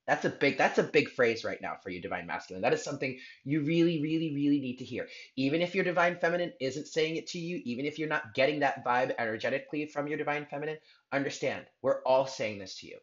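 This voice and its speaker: A man's voice: medium pitch, fast talker, lo-fi sound. A man giving a spiritual tarot reading in an earnest, heartfelt way, rambling with restarts. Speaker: tarot reader.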